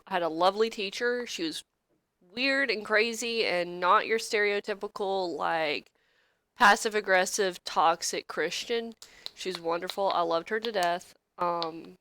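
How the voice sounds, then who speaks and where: A young woman talks casually as a podcast co-host, blunt and candid and quick to swear. Her asides ramble, and her voice sits at a middle pitch. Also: bright, forceful tone, a little hiss or hum. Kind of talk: casual chat. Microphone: podcast microphone, streamed live.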